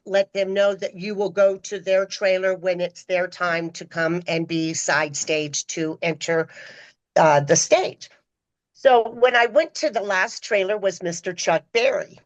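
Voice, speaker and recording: Animated middle-aged woman telling stories. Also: muffled recording. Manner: animated, acts out quoted voices with pitch jumps. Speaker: podcast guest, former personal assistant. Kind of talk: casual storytelling.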